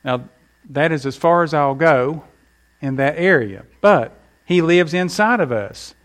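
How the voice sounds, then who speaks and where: A man's voice: fairly high pitch, expressive, a little slow, a bit bright. A middle-aged man preaching a sermon with emphatic delivery and folksy stories. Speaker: pastor.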